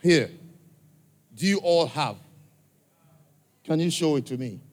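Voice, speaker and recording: A man's animated, rather high voice moves slowly as he speaks to a church gathering in an African accent. He questions the audience often, in a coaxing, direct manner.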